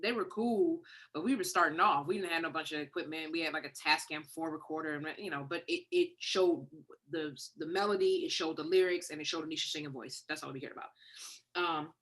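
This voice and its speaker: A woman's voice: deep voice, brisk. A middle-aged woman from Detroit, a guest songwriter, telling a story in casual talk over a video call and acting out the voices she quotes. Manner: animated, acts out quoted voices.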